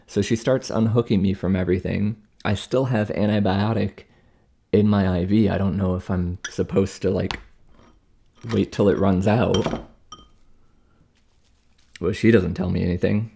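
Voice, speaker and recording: A man's voice: deep voice, steady tone, unhurried, gravelly, pauses often, mellow, slight background noise. A young man talking casually in an exasperated, chatty way, acting out other people's lines as he tells a story at home. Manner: chatty, exasperated retelling with acted-out quotes. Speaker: vlogger recovering from surgery. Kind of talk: casual storytelling while cooking.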